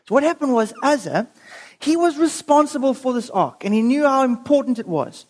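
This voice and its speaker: A preacher giving a sermon, telling a story in a lively way and acting out the voices of the people in it. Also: high voice, a little fast.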